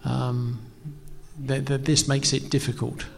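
A middle-aged male pastor gives a relaxed sermon, hesitating often with ums and gently poking fun at himself. His voice sits at an ordinary pitch with a gravelly edge. A long reverb trails off the walls of the church hall. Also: slow pace, a little hiss or hum. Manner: hesitant, self-deprecating, frequent ums. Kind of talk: conversational sermon.

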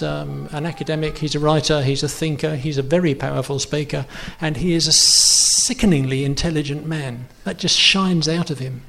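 A man's voice: fairly high pitch, gravelly, a bit bright. A man preaching a sermon to his congregation in a conversational, rambling way with many fillers and restarts, his nose running. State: runny nose. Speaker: pastor.

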